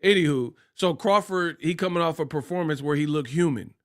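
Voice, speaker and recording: In this casual boxing rant, a Bay Area, California man goes off with slang and mockery, animatedly doing voices whenever he quotes someone. He speaks briskly in a voice on the high side.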